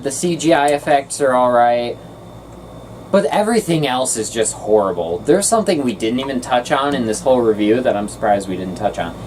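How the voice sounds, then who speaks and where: A woman hosting a casual film review, talking in an animated, ranting way and quick to get loud. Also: a bass voice, far from the mic, slight background noise, rough recording.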